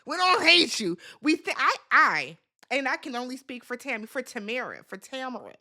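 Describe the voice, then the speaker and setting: Sassy high-voiced woman vlogger. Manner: sassy, animated, talks straight to viewers as "y'all"; blunt and opinionated, quick swings in loudness. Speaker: recap vlogger, show host. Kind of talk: casual reality-TV recap commentary.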